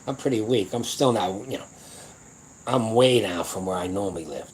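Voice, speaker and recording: A gruff older man in his seventies with a very low voice, rambling on in a casual livestream. He talks in a blunt, boastful way and swears freely, with a faint hum of noise behind him. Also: normal speed, darkish tone, rough recording. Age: 70s. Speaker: powerlifting channel host.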